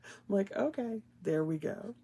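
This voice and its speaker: A woman's voice: mid-range voice, expressive, measured pace, warm tone, slightly rough. A woman hosting a live stream, chatting casually with viewers as she colors, laughing often and slipping into whispers while she works. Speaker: livestream host.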